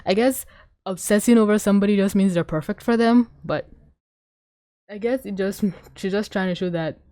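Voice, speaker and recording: A woman giving a casual, excitable cartoon episode review, gushing, swearing, and acting out lines from the show. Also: medium pitch, normal speed, dry recording, studio quality. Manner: excitable, swears, gushes and acts out quotes. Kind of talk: casual commentary.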